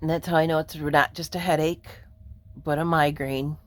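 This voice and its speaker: A woman rambling casually to her viewers while in pain from a migraine, speaking low and quiet, wandering off her thread and laughing often. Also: little pitch movement, normal speed. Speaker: vlogger. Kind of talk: casual rambling monologue to camera.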